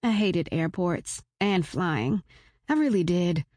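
Woman in her 40s reading a first-person audiobook, lowish voice, blunt and wry, swears casually, dry close sound. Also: lively intonation, slow, darkish tone, dry recording. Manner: frank, wry, casually profane. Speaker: audiobook narrator.

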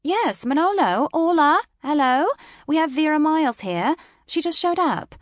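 A woman voicing a flustered young British office worker in a high, hurried, fussing voice. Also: very animated, dry recording, clean studio sound.

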